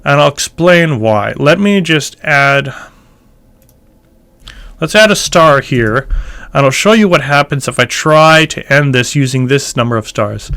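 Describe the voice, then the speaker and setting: A man's voice: medium pitch, expressive, measured pace, pushed and bright. A man teaching church chant tones in a casual way, explaining notation and breaking into short sung phrases. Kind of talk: casual instructional talk with sung examples.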